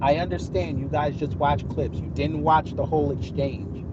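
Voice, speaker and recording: A man with a high-pitched voice talks back to his chat while driving, sarcastic and combative. The sound is dull and lo-fi, caught on a phone inside the car. Steady road noise runs clearly underneath him. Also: moderate pace. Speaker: streamer answering live chat. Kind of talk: live-stream commentary while driving.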